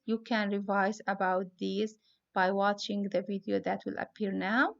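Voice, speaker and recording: Female teacher, phonics lesson for kids; slow and deliberate, spells out letters; slightly muffled lo-fi sound. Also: mid-range voice. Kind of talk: phonics lesson for young students.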